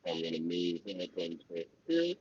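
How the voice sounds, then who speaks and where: A man's voice: low-pitched, big pitch swings, normal speed, a little mellow, breathy edge, muffled recording. A man playing a tabletop game, casual and profane, thinking aloud. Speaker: player.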